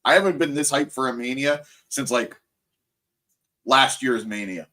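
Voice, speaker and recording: A man co-hosting a casual wrestling podcast, laid-back and quick to laugh. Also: mid-range voice, bright, forceful tone. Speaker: podcast co-host.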